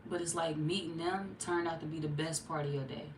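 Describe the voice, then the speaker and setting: Woman tarot reader, low voice, chatty and slangy, laughs a lot. Roomy, off-mic sound. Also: steady tone, fairly quick, background noise. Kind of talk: casual tarot reading to viewers. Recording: roomy echo, distant mic.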